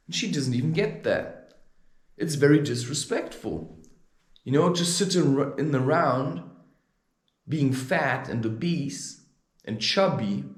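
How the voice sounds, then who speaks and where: A man's voice: mid-range voice, reverberant. A man in a heated, ranting monologue, recounting a confrontation and musing on how he reacts to people. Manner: heated, animated, storytelling. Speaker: spiritual advice vlogger.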